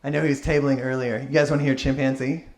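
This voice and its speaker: A man's voice: mid-range voice, flat delivery, fast, a little hiss or hum. Enthusiastic man answering audience questions. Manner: enthusiastic, explanatory. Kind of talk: public science talk Q&A.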